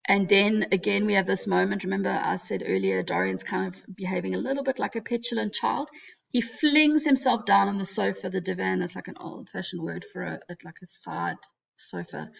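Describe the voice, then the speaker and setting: A woman's voice: lowish voice, creaky. A woman teaching a literature lesson, explaining casually with fillers and asides. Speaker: English teacher. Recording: dull lo-fi recording.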